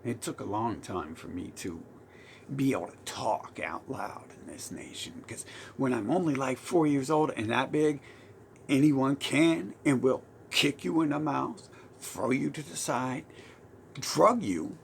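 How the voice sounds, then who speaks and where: Gravelly Southern-sounding man ranting. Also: medium pitch, unhurried, a little hiss or hum. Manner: profane, heated, full of restarts. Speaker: vlogger. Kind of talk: rambling monologue.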